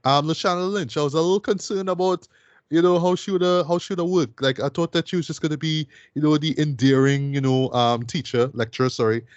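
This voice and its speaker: A man's voice: fairly high pitch, fairly even intonation, fairly quick, no echo, highs cut off. Rambling, enthusiastic man in casual chat. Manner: enthusiastic, rambling, full of fillers and tag questions. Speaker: podcast co-host reviewing a film. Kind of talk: casual film review chat.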